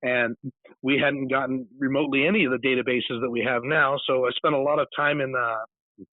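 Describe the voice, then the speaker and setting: A man's voice: mid-range voice, fairly even intonation, a little fast, dry recording. A man from California, a guest author and paranormal investigator, telling a long rambling story in a casual interview. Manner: rambling, digressive storytelling with many restarts. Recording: tinny phone-like line, dry.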